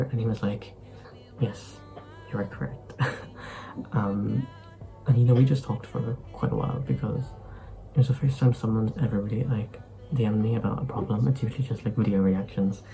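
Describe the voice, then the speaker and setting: A man's voice: mid-range voice, fairly even intonation, a little fast, vocal fry, mellow, soft background music, poor audio. A young man from Ireland, rambling loosely through an unscripted vlog talk with sarcastic asides. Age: young adult. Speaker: YouTuber.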